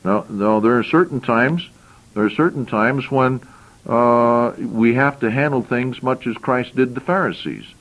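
A man's voice: medium pitch, a little slow, a bit bright, low-quality recording. A man preaching a sermon, reading scripture verses aloud and explaining them, with frequent repeated phrases.

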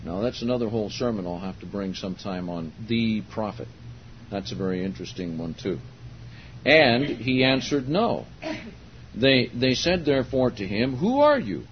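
Older male preacher, slow and deliberate, leaning hard on key words; dull lo-fi sermon tape with faint hiss. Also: medium pitch. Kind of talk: sermon, Bible teaching.

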